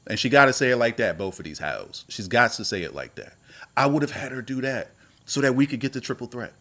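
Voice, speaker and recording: A man, a wrestling YouTuber, giving casual opinion commentary in a rambling, animated way that repeats itself. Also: mid-range voice, fast. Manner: rambling, animated, repeats himself, voice jumps up when worked up.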